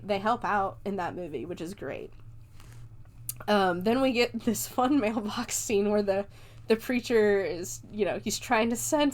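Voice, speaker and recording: A woman hosting a podcast, retelling a film in casual, chatty talk, laughing often and swearing freely. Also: medium pitch. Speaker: podcast host. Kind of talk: casual movie review chat.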